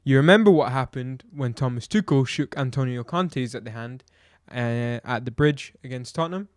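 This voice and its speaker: A man's voice: medium pitch, lively intonation, moderate pace, dry recording, studio quality. A man giving a blunt, exasperated football match review, ranting and firing off rhetorical questions. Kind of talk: opinionated match review vlog.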